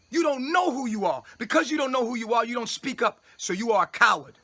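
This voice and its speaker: Guy on a livestream preaching at his followers, high bright husky voice, bossy and grand. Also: very animated, brisk, few pauses. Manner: commanding, grandiose proclaiming; repetitive, scolding tone at listeners. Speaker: self-styled spiritual leader addressing followers.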